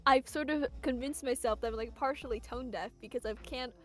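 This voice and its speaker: A woman talking as a singing student, chatty and rambling, thinking out loud about her voice. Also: high-pitched, soft background music. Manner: chatty, rambling, quick laughs. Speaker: vtuber student. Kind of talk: casual chat in a vocal lesson.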